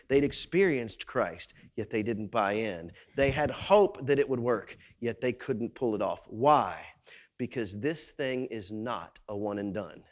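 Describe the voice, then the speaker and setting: A male pastor preaching a sermon, swinging between loud, emphatic stretches and low, quiet ones, with quick rhetorical questions.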